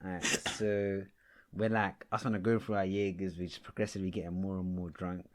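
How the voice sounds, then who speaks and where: A man's voice: low voice, flat delivery, fairly quick, a little mellow. A man co-hosting a podcast, telling stories in laid-back slang-filled casual chat. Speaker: podcast co-host.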